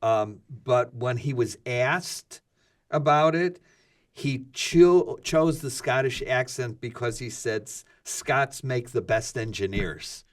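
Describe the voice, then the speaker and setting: A man's voice: medium pitch, takes it slowly. A man co-hosting a podcast, sharing trivia with dry quips in casual chat. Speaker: podcast co-host.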